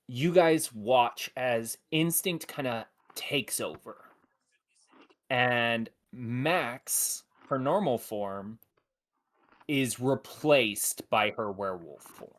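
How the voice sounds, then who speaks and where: A man running a tabletop game on a live stream, narrating with many pauses and fillers. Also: medium pitch, animated. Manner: hesitant, many fillers, apologetic. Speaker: game master.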